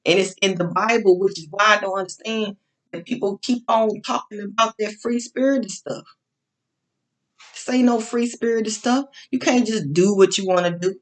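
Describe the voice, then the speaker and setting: Her voice is medium-pitched and steady, at a moderate pace, as this online speaker preaches casually about faith and love. She leans on informal slang, repeats phrases to build emphasis, and keeps restarting her sentences.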